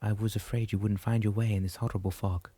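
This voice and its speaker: A man reading as a gracious woman opera singer, speaking softly with an Italian accent. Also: lowish voice, flat delivery, quick pace, breathy edge, no echo. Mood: welcoming. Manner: soft and hushed.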